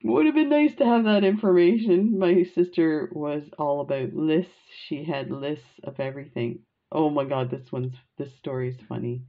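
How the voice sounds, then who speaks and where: A woman's voice: low voice, normal speed, hardly any pauses, lo-fi sound. An older woman telling funny family stories in a chatty, laughing way while doing a beading craft. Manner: chatty, laughing, rambling anecdotes. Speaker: crafting vlogger. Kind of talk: casual storytelling while beading.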